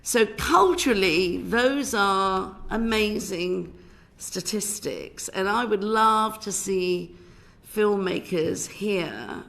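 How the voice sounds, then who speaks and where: Speaking in a mid-range voice with vocal fry, this middle-aged woman from Britain is a film director testifying before a parliamentary committee. In the committee room, her British English comes out passionate and emphatic, with frequent restarted sentences.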